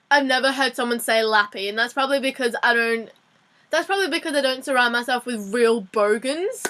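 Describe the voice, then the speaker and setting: A woman's voice: fairly high pitch, bright, forceful tone. A young Australian woman with an Australian accent, chatting and giggling through a casual vlog lesson with frequent restarts. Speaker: vlogger teaching slang.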